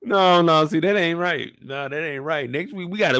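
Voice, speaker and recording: A man hosting a casual, joking recap of a TV episode, animated and profane. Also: fairly high pitch, moderate pace, no echo, clean studio sound. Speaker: YouTube show recap host. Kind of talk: casual comedic commentary.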